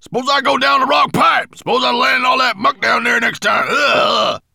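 A man reading an audiobook, voicing a grumpy, sulking male dwarf who whines and shouts his complaints. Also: mid-range voice, huge pitch swings, normal speed, creaky, no echo, studio quality, pitched above the performer's own voice, exaggerated voice. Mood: indignant shouting. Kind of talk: audiobook character voice.

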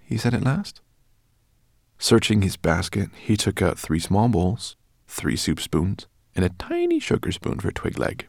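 A man narrating a fantasy audiobook in an expressive storytelling manner. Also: low voice, moderate pace, vocal fry, breathy edge, no room sound, clean studio sound. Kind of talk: scripted narration.

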